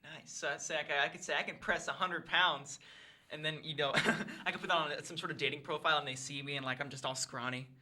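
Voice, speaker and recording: A man's voice: a little high, level tone, fast, few pauses, bright, forceful tone. A teenage man co-hosting a student podcast, bantering casually in a joking way and giggling often. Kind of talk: casual chat.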